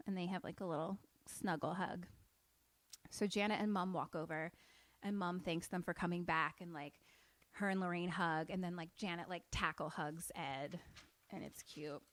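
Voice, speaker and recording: A woman's voice: fairly low pitch, steady tone, moderate pace, a bit bright, dry recording. Chatty young woman podcast co-host. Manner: chatty, with frequent "like" fillers and swearing. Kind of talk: casual chat retelling a film.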